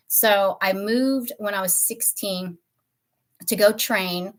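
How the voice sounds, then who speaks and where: A woman's voice: fairly high pitch, moderate pace. A woman in her fifties who grew up in Tennessee, hosting a casual beauty livestream and chatting in a rambling way, often correcting herself mid-sentence. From Tennessee, USA. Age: 50s. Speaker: beauty channel host.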